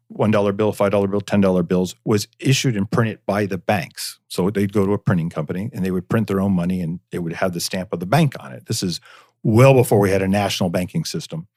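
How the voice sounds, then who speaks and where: A man from northeastern Pennsylvania, director of a preservation society, appears as a guest on a casual podcast, telling local history in a chatty, story-driven way full of fillers. His voice sits fairly low and is a little mellow, recorded with studio quality and no echo.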